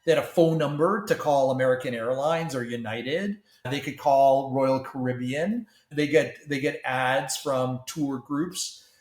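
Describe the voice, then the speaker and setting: A man from Canada talks as a company founder in a podcast interview. His pitch sits in the middle range and his delivery is animated, with frequent restarts and repeated words. The room around him is audibly echoey. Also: unhurried, hardly any pauses. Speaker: tech company CEO, guest.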